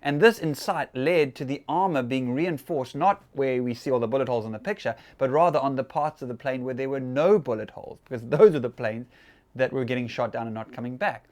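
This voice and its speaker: A man's voice: mid-range voice, brisk, darkish tone. Chatty man giving a church talk. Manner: conversational, chatty with laughs and fillers.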